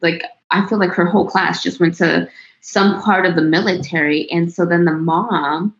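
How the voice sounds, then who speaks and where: A woman in her thirties shares a personal story in a relaxed interview, her somewhat low voice moving at normal speed. She's chatty, laughs a lot, and trails off before starting again, all on a dull, lo-fi recording.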